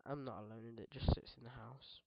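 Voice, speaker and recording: A man's voice: mid-range voice, fairly even intonation, fast, vocal fry, dry recording. A British teenage boy rambling through casual, jokey let's-play commentary, often correcting himself mid-sentence. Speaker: gaming video host. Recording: dull dry lo-fi mic.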